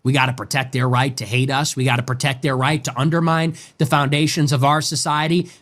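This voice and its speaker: A man's voice: mid-range voice, flat delivery, brisk, a bit bright. A man delivering an angry commentary, swearing and sarcastic. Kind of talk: angry profane rant.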